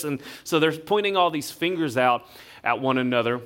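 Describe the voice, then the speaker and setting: A male pastor, preaching a sermon in a relaxed, conversational storytelling way. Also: medium pitch, a little fast. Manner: conversational storytelling, acts out quotes.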